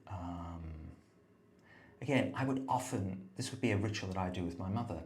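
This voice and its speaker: Man, lower register, self-mocking and meandering; voice memo from a bathroom over faint background hiss. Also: normal speed, reverberant. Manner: musing and meandering, self-mocking, drifting into soft murmurs. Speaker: brother recording a voice note. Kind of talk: rambling, reflective voice memo. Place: bathroom, at the bath. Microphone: phone voice note.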